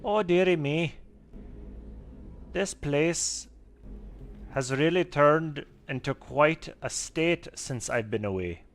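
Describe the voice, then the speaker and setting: A fussy, chatty female gnome owl keeper, as a man puts her on in a lilting Scottish accent that drifts toward Irish. Her voice rides well above his usual speaking pitch and comes out louder and homelier. The speech is unhurried and full of tutting concern. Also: lively intonation. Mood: fussing. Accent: put-on Scottish with Irish mixed in.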